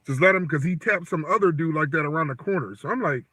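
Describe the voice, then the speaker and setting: Fast, bright-voiced man telling a story. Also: a little high, breathy edge, no room sound. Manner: animated storytelling, acts out quotes. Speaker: livestream co-host. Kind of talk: casual livestream chat.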